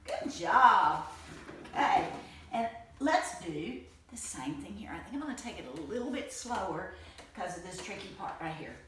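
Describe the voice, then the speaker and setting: A woman's voice: medium pitch, animated, normal speed. A woman teaching a children's music lesson, encouraging and chanting rhythm syllables in a home room with tile floors. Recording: roomy far-off home recording, loud noise.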